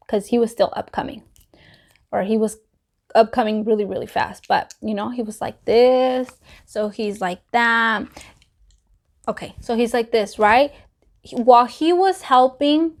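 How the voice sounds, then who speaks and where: A woman with a somewhat high voice talks straight to camera in casual opinion commentary. She is blunt and emphatic and swears freely. She repeats her points and speaks directly to the people she is discussing. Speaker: vlogger.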